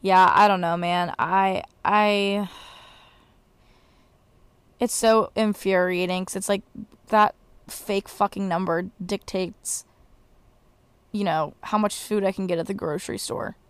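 A woman's voice: medium pitch, steady tone, takes it slowly, pauses often, clean tone, no echo. Exasperated young woman ranting, dry sound. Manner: swearing, exasperated, rambling with restarts. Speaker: podcast host. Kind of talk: casual solo rant.

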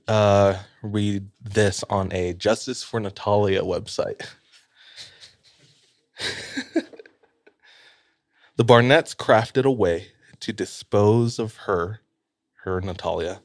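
Guy with a lowish voice, laid back, hedges a lot, podcast story chat. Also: no room sound, studio quality. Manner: relaxed, hedging, laughs often. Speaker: podcast co-host. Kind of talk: casual chat, telling a story.

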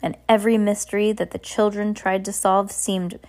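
Young mom reading a storybook aloud, informal, trips over words and adds asides. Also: female voice, mid-range voice, level tone, moderate pace, darkish tone. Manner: informal, with restarts and chatty asides. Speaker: parent reading aloud to her child. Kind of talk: casual storybook read-aloud.

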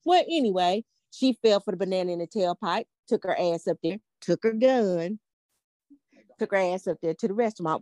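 An older woman hosts a casual show and tells a story with plenty of swearing. She builds suspense with rhetorical questions. Her voice sits at a middle pitch and sounds dry and close to the mic. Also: expressive, normal speed, mellow, no echo. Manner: blunt, profane, emphatic, keeps asking rhetorical "guess what". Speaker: podcast host. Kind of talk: casual storytelling to a live audience.

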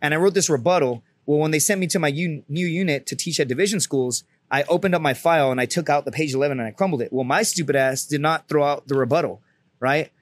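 A former Marine sniper telling rambling, profane war stories in casual chat, full of restarts. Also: male voice, a little high, fast talker. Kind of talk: casual storytelling.

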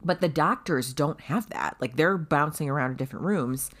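A woman telling a story in casual chat, animated and swearing freely, loudly acting out what people said. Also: deep voice, normal speed. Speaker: guest telling her birth story.

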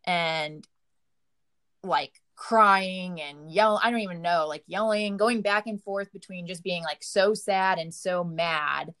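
Emotional woman, low voice. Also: slow pace, fairly bright tone. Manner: emotional, frequent "like" fillers, quotes herself. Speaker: partner of a recovering addict, guest. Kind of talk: casual conversational storytelling.

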